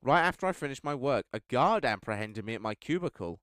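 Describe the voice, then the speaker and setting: A man reading a text game aloud with wry commentary, swinging between deadpan narration and outbursts. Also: medium pitch, brisk, clean tone, dry recording, clean studio sound. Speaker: game streamer.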